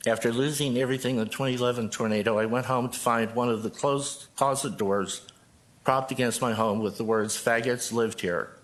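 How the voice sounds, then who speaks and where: Older guy, pastor, reading his statement at city council, earnest and deliberate, mid voice. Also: mid-range voice, fairly even intonation, a bit bright. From Joplin, Missouri. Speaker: pastor speaking at public comment. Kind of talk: prepared public statement.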